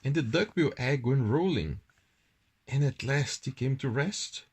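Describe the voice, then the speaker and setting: A man, a parent at home, reading a bedtime story aloud to a child in a slow, singsong way. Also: mid-range voice, animated, husky.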